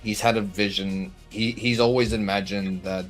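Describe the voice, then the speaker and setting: Tabletop player, a man, with a deep voice and halting phrasing, over faint music. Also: fairly even intonation, poor audio. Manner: halting, searching for words. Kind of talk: describing his character in a tabletop game.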